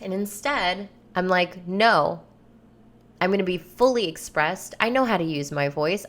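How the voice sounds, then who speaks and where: A woman's voice: medium pitch, normal speed, fairly bright tone. A woman hosting her own podcast, talking candidly and loosely in a rambling monologue, swearing freely. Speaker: podcast host and coach. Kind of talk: casual solo podcast monologue.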